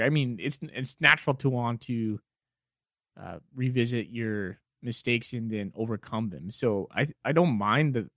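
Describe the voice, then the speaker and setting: A man's voice: medium pitch, a bit bright, no room sound. Laid back guy on a sports podcast, mid voice, dry. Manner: easygoing, thinks aloud with fillers. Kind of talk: casual sports chat.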